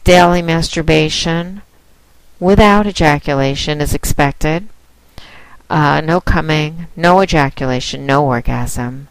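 A woman's voice: sits low, a little slow, clean tone, no echo, rough recording. A woman speaking as a dominant mistress, with a teasing, commanding manner in a casual monologue aimed at one listener. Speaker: phone domination mistress promoting her line.

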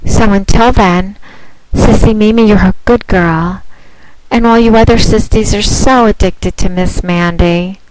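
A woman speaking in a slow, teasing and commanding way in a recorded promotional monologue. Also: medium pitch, darkish tone, poor audio. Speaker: phone-sex operator.

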